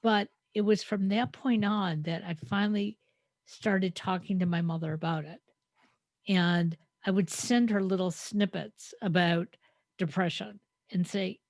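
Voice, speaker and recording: A woman's voice: medium pitch, darkish tone, no echo. A woman co-hosting a podcast, reflective and storytelling with frequent hesitant fillers. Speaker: podcast co-host. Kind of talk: conversational podcast talk.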